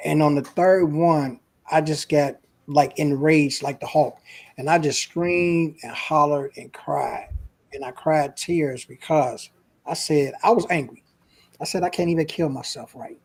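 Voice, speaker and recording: A man's voice: fairly high pitch, unhurried. A man, a guest on an interview show, earnestly telling a personal story in a casual, emotional way.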